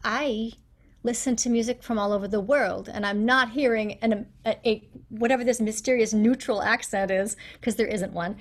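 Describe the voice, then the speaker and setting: A middle-aged woman, a guest accent coach, talks in a casual interview with an animated, explanatory manner. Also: fairly high pitch, moderate pace. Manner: animated, explanatory, acts out quotes.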